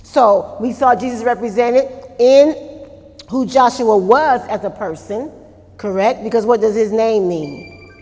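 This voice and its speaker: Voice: mid-range voice, measured pace, darkish tone, long reverb tail. A Bible study teacher leading a church class, asking the group questions, answering them, and adding frequent amens.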